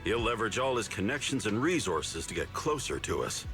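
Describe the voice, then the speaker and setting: A shrewd, confident senior disciple. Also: male voice, lowish voice, very animated, fairly quick, fairly bright tone, soft background music. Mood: assured. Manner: assured, persuasive. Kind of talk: game voice acting.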